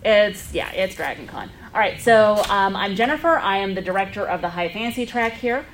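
A woman's voice: mid-range voice, expressive, brisk, a little hiss or hum, poor audio. A woman moderating a convention panel discussion, chatty and rambling with lots of fillers, speaking into a panel microphone in a convention room.

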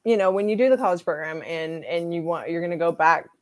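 Chatty woman with a lowish voice. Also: fast talker, no echo. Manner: rambling, laughs often, restarts and fillers. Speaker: storyteller in casual conversation. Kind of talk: casual chat.

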